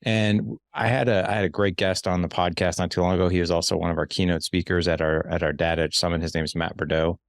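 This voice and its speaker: A man with a very low voice hosts a podcast conversation. He speaks emphatically and often restarts or repeats words mid-thought. His voice sounds dry and close to the mic. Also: flat delivery, fast talker, creaky, hardly any pauses, no echo. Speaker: podcast host. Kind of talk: casual interview chat.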